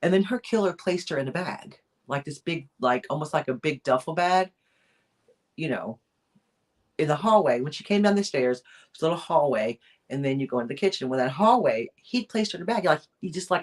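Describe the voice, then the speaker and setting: A woman co-hosting a weekly chat, telling a true crime story in a casual, rambling way, with lots of fillers and restarts. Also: sits low. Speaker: co-host of a weekly chat show.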